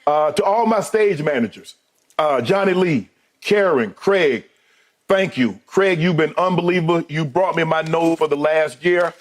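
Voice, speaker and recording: Man in his fifties, heartfelt farewell. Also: fairly high pitch. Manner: heartfelt, choked up, with halting restarts. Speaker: sports debate TV co-host. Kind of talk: emotional farewell speech.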